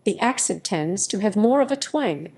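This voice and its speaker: A woman's voice: medium pitch, lively intonation, normal speed, darkish tone, slightly rough, soft background music. A woman reading an encyclopedia article as scripted narration, spelling out phonetic symbols literally. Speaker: article reader.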